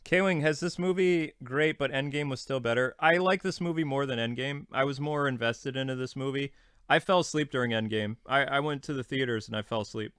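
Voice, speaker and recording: A young man hosting a podcast in casual chat, relaxed and matter-of-fact as he answers listener questions. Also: mid-range voice, a little fast, smooth, dry recording, clean studio sound. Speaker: podcast host.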